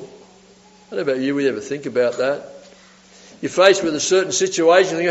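A man's voice: on the high side, a little fast, long pauses. A man preaching a sermon, telling Bible stories with animation and frequent chuckles. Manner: animated storytelling, chuckling often. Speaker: pastor. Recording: dull hall recording with long reverb.

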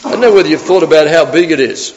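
Aussie bloke preaching, bit high voice, lively, big hall echo. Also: male voice, rapid-fire, highs cut off, slight background noise. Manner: animated, acts out the story in character voices. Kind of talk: sermon. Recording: long reverb of a hall.

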